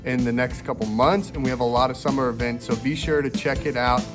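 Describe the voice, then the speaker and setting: A man teaching a children's Bible lesson in a lively way, acting out the voices in the story for young listeners. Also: medium pitch, brisk, music in the background. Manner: animated, acts out quoted voices for kids.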